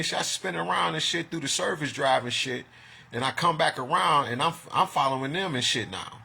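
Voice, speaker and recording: Raspy, gravelly man ranting on his phone. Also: on the high side, a little fast, bright, forceful tone. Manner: agitated, profane, accusing. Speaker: vlogger. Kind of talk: ranting monologue to camera.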